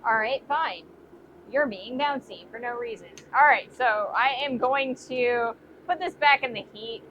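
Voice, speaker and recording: Her voice is fairly high and fairly bright, and she speaks at a measured pace. This woman blacksmith casually chats on a live stream while forging in her workshop, musing aloud and taking viewer comments, recorded in dull lo-fi audio with faint noise.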